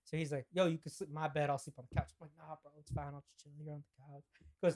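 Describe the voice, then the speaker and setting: A man's voice: fairly high pitch, level tone, rapid-fire, a little mellow. A young man co-hosting a podcast, telling a story casually, acting out the quoted lines, laughing and swearing as he goes. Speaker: podcast co-host.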